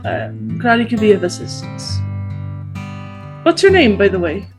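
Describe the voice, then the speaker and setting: A man playing his character in a tabletop role-play game, calm and protective in tone. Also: high-pitched, a little slow, over music. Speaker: player.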